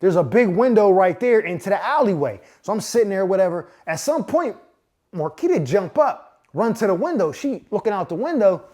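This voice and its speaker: A man in his forties from Pittsburgh spins a comedic personal tale in loose street slang, his fairly high voice leaping all over the place. He talks straight to the listener with constant asides and acts out the people in his story. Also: sing-song, fairly quick, a little mellow. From Pittsburgh, USA. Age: 40s. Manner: frequent asides of "you know what I'm saying". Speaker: podcast host.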